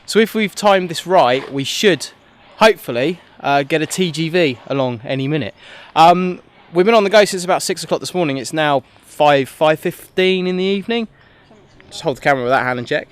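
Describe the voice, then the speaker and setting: A man's voice: on the high side, a little fast, smooth. A man chatting casually in a vlog, in a self-deprecating way, from a car and by the roadside. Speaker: vlogger. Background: music.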